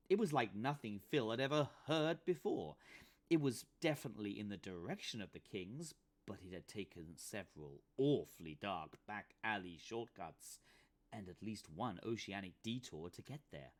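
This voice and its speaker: A man's voice: on the low side, expressive, moderate pace. A man, the author, reading his comic novel aloud with dramatic, playful storytelling. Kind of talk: expressive book reading.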